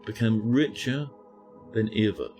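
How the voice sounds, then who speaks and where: A man with a lowish voice talks a little slowly over background music, giving chatty live-stream commentary as he plays a game, addressing his chat and scolding the characters on screen.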